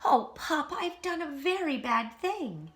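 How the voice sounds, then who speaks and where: A woman's voice: high-pitched, very animated, measured pace, pitched above the performer's own voice. A woman voicing a young boy church mouse in a storybook, in a raised, eager, pleading voice. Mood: upset.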